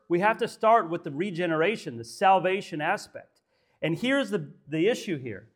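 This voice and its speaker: Man, pastor, sermon, emphatic, rhetorical questions, slightly high voice. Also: a bit bright. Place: church.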